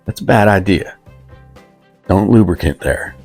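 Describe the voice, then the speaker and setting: A deep-voiced man rambles through a comic monologue. He mocks himself, drifts off his point and talks about himself in the third person. Faint music plays behind him. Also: measured pace, a little mellow, slightly rough. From West Virginia. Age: 50s.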